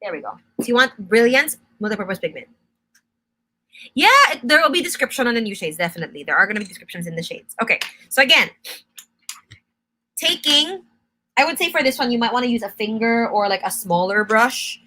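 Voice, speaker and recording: A woman's voice: on the high side, lively intonation, brisk, pushed and bright, a little hiss or hum. A young woman hosting a live-stream makeup tutorial, explaining each step in a chatty, instructive way and answering viewer comments. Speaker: makeup brand host.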